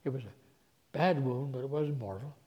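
A man's voice: mid-range voice, moderate pace, dull audio. Emotional man preaching in a reverberant hall. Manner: emotional, swings from hushed to loud. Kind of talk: sermon storytelling.

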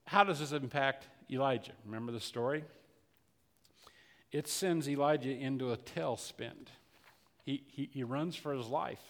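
Speaking at a measured pace and medium pitch, a man preaches a sermon as pastor, his intensity rising as he repeats words again and again. The recording carries a long hall reverb.

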